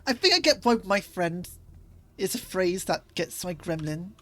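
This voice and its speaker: Chatty woman streamer with a lively voice. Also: lowish voice, a little slow. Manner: chatty and rambling, with fillers. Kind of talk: casual gaming stream commentary.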